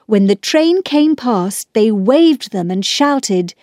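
A woman reads a children's storybook aloud at an unhurried pace, clear and measured. Her pitch moves a lot, and the recording sounds dry and close. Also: animated, a little mellow, dry recording. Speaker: narrator. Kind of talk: storybook reading.

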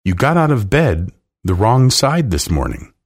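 Figure: prim, firm nanny. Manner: brisk. Performer: a man. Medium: storybook. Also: lowish voice, big pitch swings, slightly rough, voice pushed up, exaggerated voice.

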